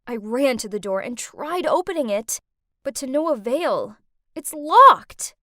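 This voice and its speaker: A young woman narrating a dramatic first-person story in an expressive way. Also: high-pitched, unhurried, no echo, studio quality.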